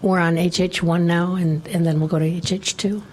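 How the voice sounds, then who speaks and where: A woman chairing a city committee meeting, calling speakers and keeping things moving in a brisk, procedural way. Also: fairly low pitch, little pitch movement, a little mellow. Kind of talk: running a meeting. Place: city council meeting room.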